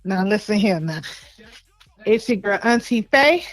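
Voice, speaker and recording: A woman's voice: mid-range voice, lively intonation, measured pace, no echo, soft background music. A woman calling into a live show, bossy and teasing in an auntie way. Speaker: caller. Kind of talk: phone-in chat on a live show.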